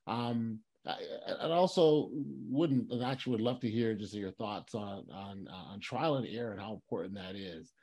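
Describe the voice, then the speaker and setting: Male podcast host, lowish voice, halting phrasing full of fillers, supportive. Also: mellow. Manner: halting, many restarts and "you know"s, encouraging. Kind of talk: conversational interview.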